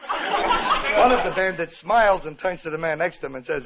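High-voiced wisecracking comedian on old radio. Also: male voice, big pitch swings, normal speed, gravelly, pauses often, highs cut off, a crowd in the background. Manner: wisecracking, chatty asides. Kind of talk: comic storytelling on radio.

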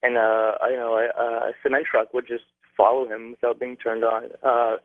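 Over a dry, tinny phone connection, a young adult caller from Canada works through a lengthy story, stumbling into fillers and starting over often. His mid-range voice barely moves in pitch and keeps a normal pace.

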